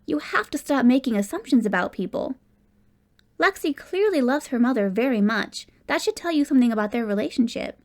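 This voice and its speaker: A woman's voice: a little high, lively intonation, brisk. Woman reading as a tender fierce mother. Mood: concerned. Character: loving middle-aged mother, fierce and tender.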